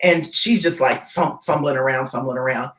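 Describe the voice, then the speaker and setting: A woman's voice: rumbling low, normal speed. A woman who is a guest keynote speaker, telling a dramatic story in an interview and often checking in with "right?". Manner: animated, keeps checking in with "right?". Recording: roomy echo.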